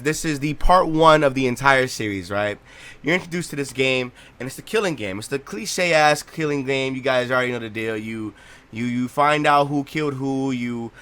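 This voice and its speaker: A young man with a medium-pitched, fairly bright voice hosts a let's play from his home gaming setup. He rants about the game bluntly and profanely, repeating himself as he goes.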